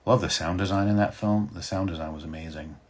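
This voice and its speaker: A man's voice: deep voice, fast talker, husky. A man in his fifties, a voice actor hosting a casual fan Q&A stream, rambling easily with fillers. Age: 50s. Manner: relaxed, rambling, many fillers. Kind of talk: casual livestream chat.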